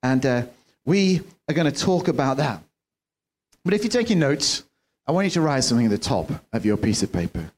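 A man's voice: medium pitch, big pitch swings, fairly quick, a little mellow. A man preaching a sermon from a church platform, earnest and sometimes restarting his phrases. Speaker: pastor.

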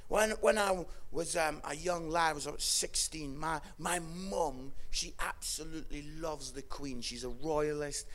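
A middle-aged Scottish man preaching a sermon, telling funny family stories, dropping to a hush, then rising to loud excited shouting. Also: a little high, a little slow, hardly any pauses. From Scotland. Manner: humorous storytelling, swings from hushed to shouting.

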